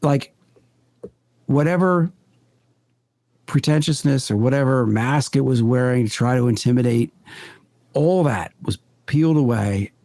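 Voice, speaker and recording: Mellow-voiced man telling earnest stories. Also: mid-range voice, no echo. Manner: earnest, deliberate, builds stories step by step. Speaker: podcast guest, paranormal investigator. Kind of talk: conversational storytelling in an interview.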